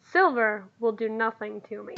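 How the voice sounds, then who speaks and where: A woman voicing a male wolf commander who talks in a calm, measured, formal way. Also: on the high side, creaky, highs cut off, a little hiss or hum. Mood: guarded.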